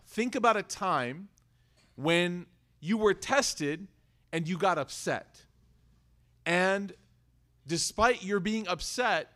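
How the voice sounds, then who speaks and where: A man with a bright, high-set voice gives a religious talk to a live audience. He tells stories in an animated way and jokes with the listeners, with his pitch rising and falling through the talk. He sounds like he is in his thirties. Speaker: speaker at an Islamic institute.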